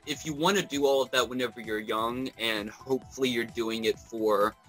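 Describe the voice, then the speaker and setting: A man's voice: mid-range voice, normal speed, fairly bright tone, faint music behind, rough recording. A man hosting a podcast, talking in an earnest, reflective way with casual swearing. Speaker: podcast host.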